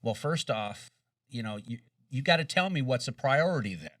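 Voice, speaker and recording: A man co-hosting a casual chat, measured and emphatic, stuttering a little as he starts. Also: mid-range voice, expressive, a bit bright, no room sound. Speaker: co-host. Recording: dry room, distant mic.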